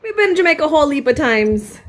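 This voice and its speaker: A woman's voice: high voice, sing-song, fast talker. A woman talking on a live stream in patois, brash and swearing as she argues back. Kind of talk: casual live stream chat.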